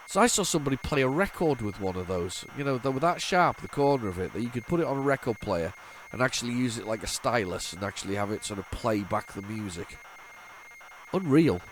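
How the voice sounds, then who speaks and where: Casual male gaming host, congested, chatty and rambling, mid-range voice, faint noise bed. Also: mid-range voice. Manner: rambling, chatty, frequent restarts and repeated words. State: congested, stuffy nose. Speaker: retro gaming channel host. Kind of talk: casual gameplay commentary.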